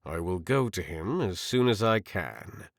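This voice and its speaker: A cold, menacing knight, voiced by a male narrator who speaks low and clipped with a thin layer of politeness. The voice sits deep and unhurried, recorded close and dry. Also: expressive, dry recording. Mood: coldly polite. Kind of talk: audiobook character voice.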